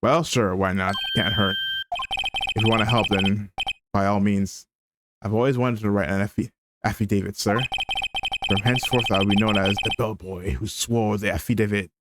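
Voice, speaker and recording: A man's voice: fairly low pitch, steady tone, normal speed, heavy background noise, natural voice. A man reading the lines of an eager, chatty young bellboy from a game. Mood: gushing. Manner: earnest, gushing line reading. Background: game music.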